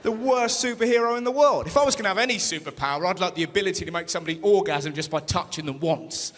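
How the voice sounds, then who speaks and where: Brief: male stand-up, high voice, live hall with long reverb and loud crowd. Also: quick pace. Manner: animated, jumps into silly voices. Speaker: stand-up comedian. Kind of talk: stand-up routine.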